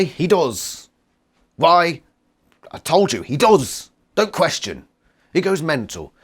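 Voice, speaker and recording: A man giving a casual, sarcastic book review, swearing freely. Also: medium pitch.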